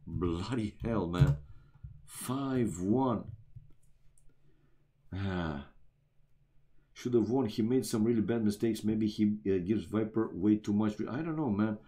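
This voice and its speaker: A man from Romania commentating a strategy game match live, sitting at the lower end of the male range. His tone is warm and mellow. He talks loosely and chats with the viewers as he goes. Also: slow pace, long pauses. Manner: chatty, talks straight to chat viewers, many "uh" and "man". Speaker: esports caster.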